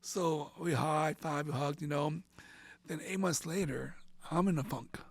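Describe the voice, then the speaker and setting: A man's voice: fairly high pitch, fairly even intonation, unhurried, vocal fry, breathy edge, dry recording. A middle-aged man from central Florida, an interview guest, telling an emotional story in a rambling way, often saying "and all of a sudden" and sometimes dropping almost to a whisper.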